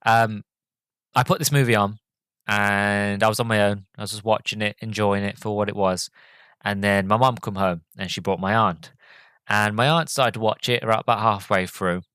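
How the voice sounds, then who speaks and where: A man hosting a podcast, talking through a movie review in a halting, hesitant way with many fillers, audibly choked up and emotional. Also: fairly low pitch, fairly bright tone, clear, resonant tone, no echo. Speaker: podcast host.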